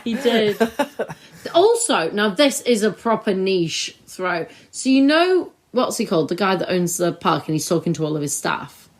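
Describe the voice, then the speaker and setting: A woman co-host talking casually about a TV episode with a friend. Her voice moves a lot in pitch, rising high when she gets worked up. She keeps slipping into quick impressions of characters. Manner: animated, acts out scenes in quick put-on voices. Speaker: podcast co-host. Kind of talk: casual chat reviewing a TV episode. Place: recorded together in the same room.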